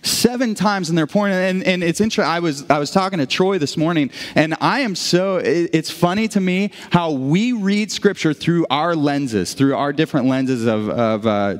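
This fairly high-pitched male voice echoes in a large hall. He's a pastor giving a sermon in a church auditorium, and his storytelling is animated, with frequent restarts.

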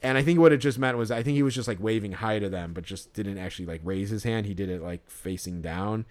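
A man's voice: lowish voice, fast, a little mellow. A man co-hosting a podcast, telling a story in a rambling, casual way, swearing often and saying "like" constantly. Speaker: podcast co-host.

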